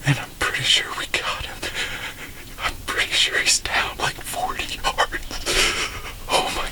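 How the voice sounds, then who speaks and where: A man's voice: measured pace, low-quality recording. A young man in a whispered hunting vlog, breathless and emotional in an outdoor blind in cold weather. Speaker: bowhunting vlogger.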